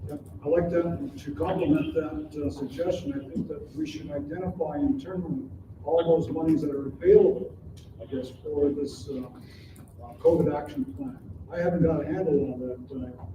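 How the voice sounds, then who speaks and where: A man chairs a council meeting in a brisk, businesslike way, calling on people and putting motions to a vote. His voice sits a little high and comes from some distance off. The council chamber sounds echoey and noisy, and the recording is muffled. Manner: brisk, calls on speakers and runs votes.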